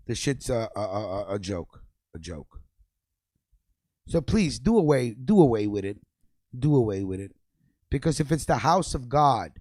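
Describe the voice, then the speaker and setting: A man's voice: fairly high pitch, a little mellow, no echo. A young man hosting a radio show, delivering a fiery, profane, repetitive freestyle rant.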